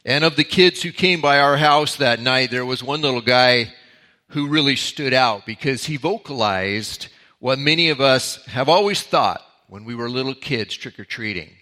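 Beginning with a personal anecdote, a pastor delivers a Bible teaching in a conversational, sermon-like style. He speaks at normal speed in a bright, forceful, mid-range voice.

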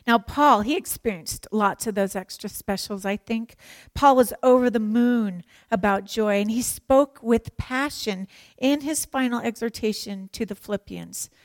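A woman teaching a sermon to women, animated and emphatic, with playful joking asides. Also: a little high, unhurried, no room sound. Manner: animated and emphatic, acts out prayers and quotes.

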